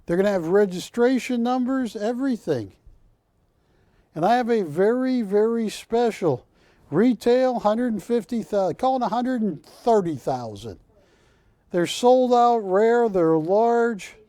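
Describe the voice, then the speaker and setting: A man hosting a live shopping channel, pitching art to callers with persuasive repetition. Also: lively intonation, unhurried, mellow, dry recording. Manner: persuasive, repeats words for emphasis. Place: TV studio.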